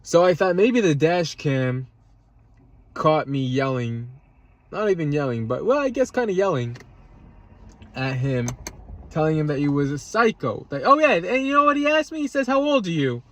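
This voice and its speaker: A man's voice: on the high side, very animated, moderate pace. A man telling a road-rage story in a heated, profane rant, repeating himself, his voice jumping up when he gets upset. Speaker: vlogger. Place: at home, eating a salad.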